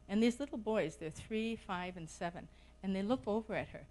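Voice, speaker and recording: A woman's voice: mid-range voice, lively intonation, moderate pace, dark tone, poor audio. A middle-aged woman giving an impassioned plenary talk at a conference, asking urgent questions of her audience. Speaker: conference speaker. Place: conference hall.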